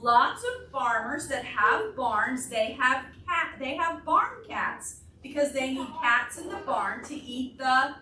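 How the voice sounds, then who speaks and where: A woman children's librarian leading a preschool storytime in a library room, animated and full of questions for the children. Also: high voice, slow, hardly any pauses, far from the mic. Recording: echoey room from afar with loud background noise.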